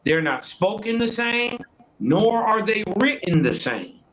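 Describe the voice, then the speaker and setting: Slow, high-voiced man on a muffled call. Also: sing-song, fairly bright tone, slight background noise. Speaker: panelist. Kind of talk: casual group discussion.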